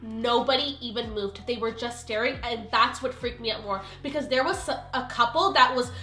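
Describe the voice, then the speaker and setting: A young woman telling a storytime on her vlog, animated and exclamatory, full of "like" and quick asides. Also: on the high side, soft background music. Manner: animated, exclamatory, filler-heavy retelling. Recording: roomy echo.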